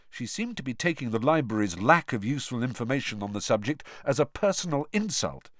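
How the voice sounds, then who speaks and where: Expressive male audiobook narrator, lively pitch, dry close recording. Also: brisk, few pauses, no echo. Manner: expressive storytelling. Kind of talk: scripted narration.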